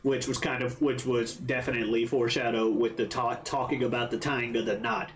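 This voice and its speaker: A man's voice: mid-range voice, little pitch movement, brisk, a loud crowd. A man chatting casually about a film he just watched, rambling and swearing as he acts out his own reactions. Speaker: podcast co-host, first-time viewer. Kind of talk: casual movie review chat.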